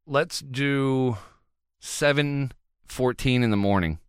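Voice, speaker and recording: A man's voice: mid-range voice, takes it slowly, clear, resonant tone, no room sound, clean studio sound. A male show host in casual comedic banter, playful and teasing.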